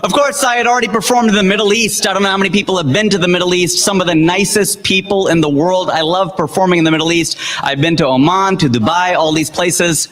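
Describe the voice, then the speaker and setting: American man doing stand-up in a hall. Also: sits high. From United States. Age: 40s. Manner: animated storytelling, punchy jokes. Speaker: stand-up comedian. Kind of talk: stand-up comedy set. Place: large event hall with audience. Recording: long hall reverb.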